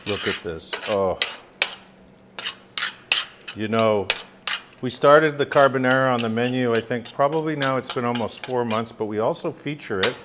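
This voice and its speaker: A man cooks at the stove and talks as he goes, loose and joking, like a chef walking viewers through a dish. His voice sits at a middle pitch. Frying and sizzling are clearly heard behind him. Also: moderate pace, long pauses. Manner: chatty, joking, lively asides. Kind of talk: cooking demonstration. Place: kitchen, cooking at the stove. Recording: sizzle and kitchen noise. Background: sizzling pan.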